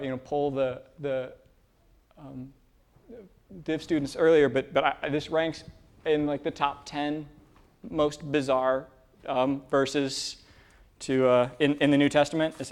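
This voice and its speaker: A man preaching a casual sermon, talking in halting bursts full of fillers and restarts. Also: a little high, flat delivery. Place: church with a room of divinity students.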